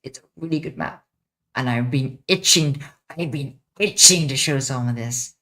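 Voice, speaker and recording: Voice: mid-range voice, moderate pace, sharp tone. A streamer in a casual livestream Q&A, chatting off the cuff while answering viewers' questions from a home setup.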